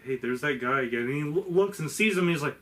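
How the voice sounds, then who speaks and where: A man with a fairly high voice recaps a movie for a spoiler review, rambling and swearing freely. He acts out the characters' lines as he goes, in an offhand chatty way. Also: expressive, fast talker, fairly bright tone. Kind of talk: casual spoiler review chat.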